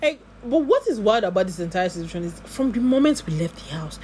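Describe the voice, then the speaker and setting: A woman's voice: medium pitch, expressive, fast talker, few pauses, darkish tone, a little hiss or hum. A woman with a Nigerian accent, telling a long story in a casual vlog and full of asides and acted-out dialogue. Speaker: vlogger.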